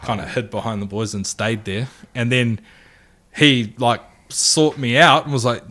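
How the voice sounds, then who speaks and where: A man in his thirties with a New Zealand accent, a guest telling a lively anecdote in casual chat and acting out the quotes. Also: mid-range voice, normal speed, slight background noise.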